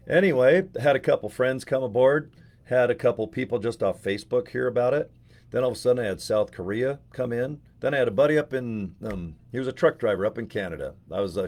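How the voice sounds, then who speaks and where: A man's voice: on the low side, darkish tone. A man in his forties talking in a casual, rambling vlog monologue. He jokes, swears and mocks himself, with many asides and restarts. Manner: joking, profane, self-mocking. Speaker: network marketing affiliate.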